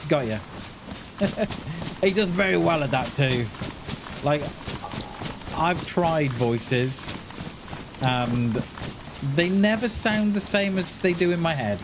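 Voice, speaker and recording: A man's voice: fairly high pitch, lively intonation, slow, pauses often. A man chatting casually while streaming a game, rambling along with frequent chuckles and self-mocking asides. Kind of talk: casual livestream chat while gaming. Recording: noisy background.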